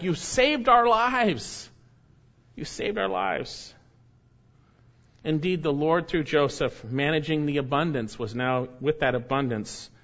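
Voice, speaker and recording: A man preaching an expository sermon, reading scripture slowly and repeating key phrases for emphasis. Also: mid-range voice, muffled recording. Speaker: pastor.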